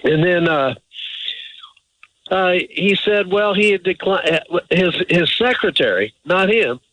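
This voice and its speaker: A man's voice: high voice, lively intonation, slow pace, a bit bright, no echo, rough recording. A man calling a radio advice show, telling a long, hesitant, rambling story full of restarts and fillers. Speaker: caller. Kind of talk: phone-in call.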